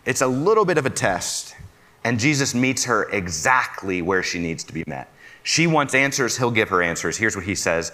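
A man gives a conversational sermon in a lowish voice with a bright, forceful edge. He often turns to his listeners with questions and talks as one of them. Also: expressive, normal speed. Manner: asks listeners questions, speaks as a fellow "fixer". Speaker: preacher.

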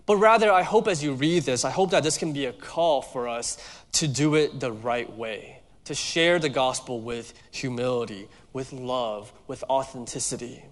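A man's voice: mid-range voice, moderate pace. Conversational man preaching in a reverberant hall. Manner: conversational preaching with personal stories. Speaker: pastor. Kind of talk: sermon.

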